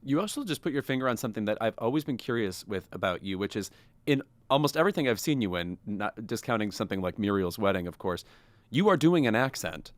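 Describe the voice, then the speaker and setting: A man's voice: on the low side, very animated, quick pace, no room sound, clean studio sound. A man hosting a podcast interview, asking questions with enthusiastic, playful energy. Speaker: podcast host. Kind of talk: interview conversation.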